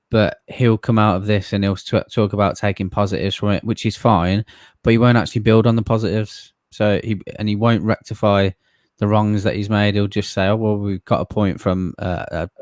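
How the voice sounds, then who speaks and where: A man's voice: fairly low pitch, flat delivery, normal speed, a little mellow, dry recording, clean studio sound. A man co-hosting a live football fan stream, blunt and critical, laughing easily. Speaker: fan channel co-host.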